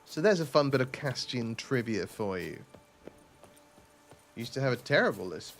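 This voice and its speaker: Streaming a game, a man from southeast England chats casually, animated and poking fun at himself, with a faint lisp on his S sounds. His mid-range voice moves at a moderate pace against slight background noise.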